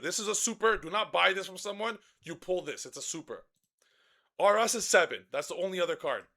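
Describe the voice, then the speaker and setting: A brash man rants through a card game deck guide, swearing freely and getting louder as he gets worked up. His voice sits high and has a bright, forceful edge. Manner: profane, brash and excitable, shouting at times. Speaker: card game content creator.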